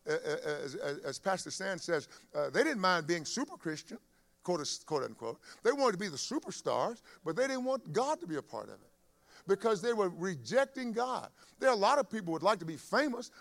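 A man preaching a sermon, animated, full of restarts and acted-out quotes. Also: high-pitched, creaky. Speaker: pastor.

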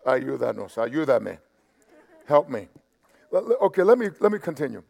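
A man preaching a sermon to a church and online audience. He talks conversationally, stammers and repeats himself, and swings from loud emphasis to quiet asides. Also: mid-range voice, sing-song, moderate pace, vocal fry. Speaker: pastor. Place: church sanctuary. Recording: long hall reverb.

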